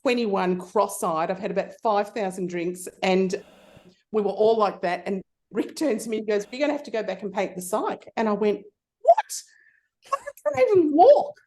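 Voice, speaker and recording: A middle-aged woman telling stories in a casual interview, acting out the voices of people in her stories. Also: normal speed. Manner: animated storyteller, acts out voices with big pitch jumps. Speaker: guest.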